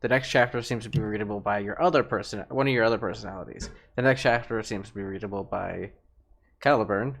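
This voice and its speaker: A man's voice: fairly low pitch, quick pace, vocal fry, a bit bright, slight background noise. A man narrating as game master of a tabletop game, rambling with lots of fillers and laughs.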